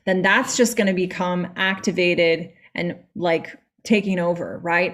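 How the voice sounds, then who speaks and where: Woman co-host, casual livestream talk, rambling and chatty. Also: medium pitch. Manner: loose and chatty, with lots of "like" and teasing laughs. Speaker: co-host and spiritual coach.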